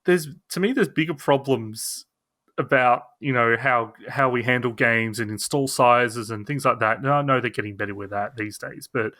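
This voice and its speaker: A man with a bright, forward tone co-hosts a gaming podcast. He hedges, restarts his sentences and slips into sarcasm. His voice sits at a middle pitch and is recorded dry and close. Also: moderate pace, no echo. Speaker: podcast co-host. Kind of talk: casual debate chat.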